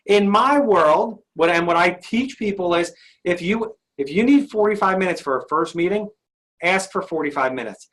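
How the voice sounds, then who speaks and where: A man's voice: high voice, moderate pace, fairly bright tone. A male sales trainer leading an interactive session, upbeat and often asking his audience questions.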